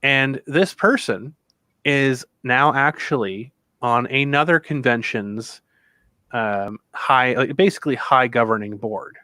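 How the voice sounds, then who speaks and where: A man's voice: medium pitch, slow pace, sharp tone, no echo. A man hosting a casual chat, hesitant and full of fillers as he tells stories and reads comments. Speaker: host.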